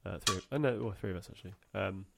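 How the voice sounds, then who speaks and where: Male podcast co-host, lowish voice, easygoing storyteller who laughs a lot. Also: fast, creaky, a bit bright. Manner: laughs often, tells stories with a punchline. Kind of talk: casual podcast banter, reading listener stories.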